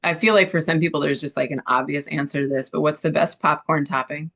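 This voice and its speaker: Bright, upbeat woman hosting a webinar. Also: deep voice, steady tone, gravelly. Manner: upbeat, quick reactions, laughs often. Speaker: webinar host. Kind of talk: casual panel moderation.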